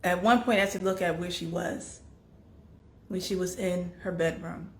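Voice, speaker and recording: A woman host talking candidly and emotionally about grief, her voice wavering between soft and loud. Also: on the low side, steady tone, moderate pace, echoey room. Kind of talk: candid personal talk on grief.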